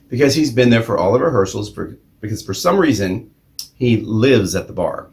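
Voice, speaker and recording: A man's voice: fairly low pitch, big pitch swings, normal speed, darkish tone. Cranky older man reviewing a movie. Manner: cranky and sarcastic, sighing, with many ums. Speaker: vlog host reviewing a movie. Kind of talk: casual spoken movie review.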